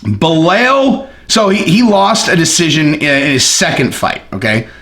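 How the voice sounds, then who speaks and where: A man giving a casual, jokey opinion monologue on fighting, animated and quick to break into impressions. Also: a little high, roomy sound. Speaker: MMA commentator.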